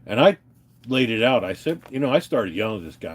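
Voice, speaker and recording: Male streamer, mid-pitched, agitated and profane, ranting straight at his chat. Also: sing-song, fairly quick, slightly rough. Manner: agitated, profane, ranting and telling stories to viewers. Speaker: livestreamer answering chat. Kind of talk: unscripted live rant.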